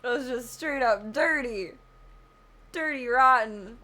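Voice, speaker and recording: A woman's voice: a little high, slow pace, bright, forceful tone. A woman streaming a video game, chatting casually, swearing freely and breaking into laughing shrieks. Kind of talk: casual gameplay chat.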